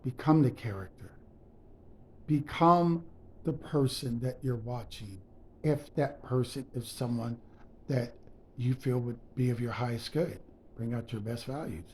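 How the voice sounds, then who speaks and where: A man's voice: mid-range voice, measured pace, slight background noise. A man talking straight to his viewers in an emphatic, preachy motivational monologue, often calling them guys. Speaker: motivational speaker.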